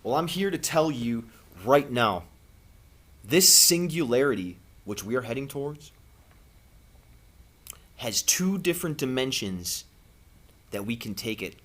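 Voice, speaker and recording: A man giving an impassioned spiritual monologue to camera as a vlogger, earnest and preachy, with long dramatic pauses. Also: medium pitch, animated, a bit bright.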